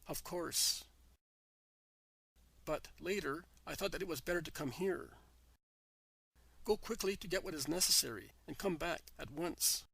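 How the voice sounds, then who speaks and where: A man reading the part of Jesus, a calm, gentle teacher, in a measured, solemn way. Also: a little high, vocal fry, breathy edge, no room sound, full character voice, rough recording.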